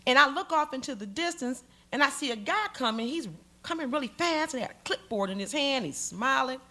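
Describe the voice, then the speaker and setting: Woman, middle-aged, live stage storyteller, bright lively tone, somewhat high voice, dramatic delivery. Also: a little fast. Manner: animated, dramatic, acts out every voice. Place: stage in a museum hall.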